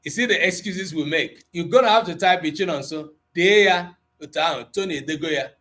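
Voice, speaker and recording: A man's voice: on the high side, fairly quick, fairly bright tone. A man with an Igbo accent teaching a live online language lesson. He switches between English and Igbo, reads out viewer comments, chuckles often and teases the class.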